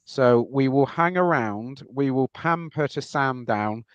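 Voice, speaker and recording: A man's voice: mid-range voice, slow pace, clear, resonant tone, no room sound, dull audio. A man hosting a live football podcast stream, chatting casually and reading out viewer comments. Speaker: podcast host.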